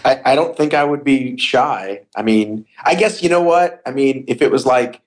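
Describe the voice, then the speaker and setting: A man's voice: mid-range voice, normal speed. A man as a guest on a podcast, talking loosely and jokingly, with hesitant starts. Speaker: interview guest. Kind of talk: casual interview chat.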